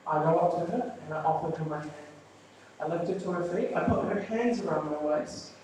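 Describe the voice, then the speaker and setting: A man tells stand-up stories to a small live crowd in a dry, deadpan, rambling way, full of ums and restarts. His voice sits a bit high. The rough recording is very echoey and picked up from well back in the room, with faint noise underneath. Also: brisk, distant mic. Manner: deadpan, rambling storytelling with filler words. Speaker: stand-up comedian. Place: small live venue with audience. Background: audience laughter.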